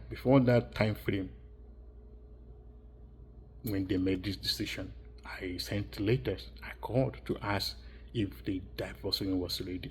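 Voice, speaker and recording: A man's voice: on the low side, darkish tone, a little hiss or hum. A man giving a rambling, insistent monologue, repeating and restarting his phrases as he circles his points. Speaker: vlogger.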